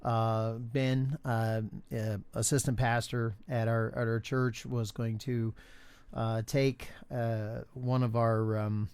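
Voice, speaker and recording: An older man co-hosting a podcast, talking in a halting, casual way with many fillers and restarts, recorded in a home studio. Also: mid-range voice, level tone, a little mellow, smooth, no room sound. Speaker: podcast co-host. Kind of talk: casual chat.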